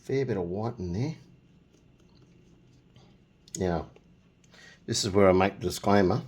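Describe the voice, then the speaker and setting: With a low, husky, darkish voice and a slightly slow delivery, a middle-aged man guides viewers through a casual painting session. He chats, jokes and hums nonsense tunes while he works.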